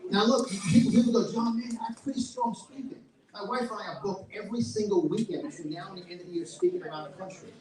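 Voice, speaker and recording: A middle-aged man with a New York accent giving a loud, passionate and combative speech at a live event. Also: high-pitched, fairly even intonation, fast talker, hardly any pauses. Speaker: featured event speaker. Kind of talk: fiery political speech. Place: event hall with live audience. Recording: echoey room, mic at a distance, crowd audible.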